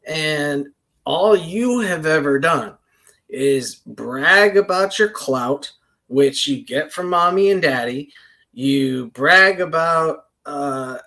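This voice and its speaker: Foul-mouthed ranting man, higher voice. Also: pushed and bright. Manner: angry, heavy swearing, loose and rambling. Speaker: streamer reacting to videos. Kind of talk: profane reaction rant.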